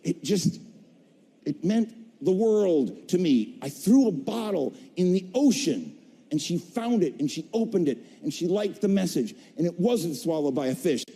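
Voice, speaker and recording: A middle-aged man with a fairly high, mellow, dark voice spins a self-mocking story about his acting career. He talks to a live audience from a stage, and his words carry long reverb through a large convention hall. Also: animated, a little slow, breathy edge. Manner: playful, self-mocking, acts out quotes in funny voices. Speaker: voice actor telling a career story on a panel.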